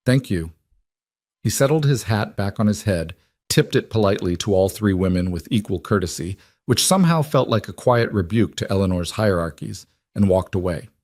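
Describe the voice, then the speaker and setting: A man reading a western romance story in an even, unhurried storytelling voice. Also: fairly low pitch, no room sound. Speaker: narrator. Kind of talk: scripted audiobook narration.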